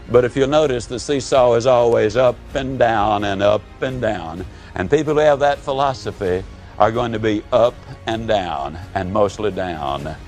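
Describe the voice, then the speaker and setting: A man giving a motivational speech to an audience, telling stories with dramatic pauses and big drops in pitch and volume. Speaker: motivational speaker.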